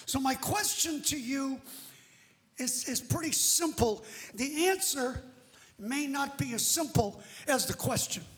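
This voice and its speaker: High-voiced man preaching with shouts. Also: a little slow. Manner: emphatic storyteller who builds to shouts. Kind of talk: sermon with an interpreter.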